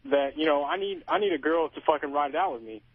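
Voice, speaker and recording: A man's voice: on the high side, quick pace, no echo. A man calling in to a radio show, rambling casually through his question. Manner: rambling, casual, lots of fillers. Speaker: caller. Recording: tinny phone line.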